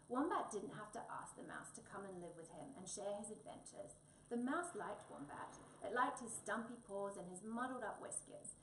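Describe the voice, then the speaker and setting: A woman reading a children's storybook aloud in an expressive, lilting way. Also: medium pitch, normal speed. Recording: echoey room, distant mic, faint noise.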